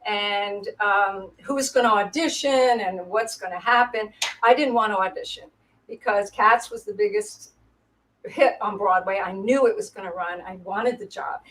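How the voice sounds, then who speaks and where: A woman's voice: mid-range voice, measured pace, fairly bright tone, low-quality recording. A woman, a former Broadway performer, telling stage anecdotes over a video call and laughing often. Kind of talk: casual storytelling interview.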